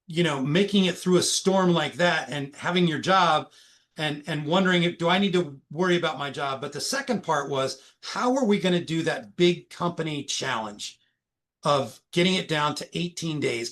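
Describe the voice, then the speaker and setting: Middle-aged male guest, recruiter type, a touch high-pitched, animated storyteller. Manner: animated, anecdotal retelling. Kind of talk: conversational storytelling.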